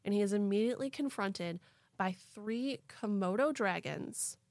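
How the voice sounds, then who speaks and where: A young woman hosting a podcast, telling a story in a casual, animated way with lots of "like" and laughter. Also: medium pitch, moderate pace, no room sound, clean studio sound. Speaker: podcast host.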